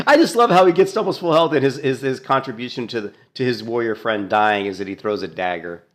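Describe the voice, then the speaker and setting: A man talks through a game clip he is watching, laughing and poking fun as he goes. His pitch swings widely, and his voice sits at an ordinary middle height. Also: fast talker, hardly any pauses. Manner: animated, laughing often, mocking. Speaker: gaming streamer. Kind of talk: casual commentary while watching a gameplay clip.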